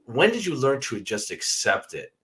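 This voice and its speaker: A man's voice: medium pitch, huge pitch swings, moderate pace, a bit bright. A man co-hosting a paranormal podcast, asking questions in an enthusiastic, casual way. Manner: enthusiastic, laughs easily. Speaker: podcast co-host. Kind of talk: casual interview chat.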